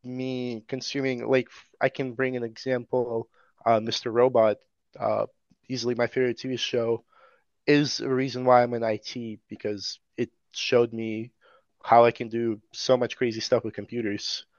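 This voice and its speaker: A man's voice: mid-range voice, flat delivery, normal speed, dry recording, lo-fi sound. A young man from Tajikistan, answering interview questions in a laid-back, rambling way with lots of fillers. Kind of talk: casual interview chat.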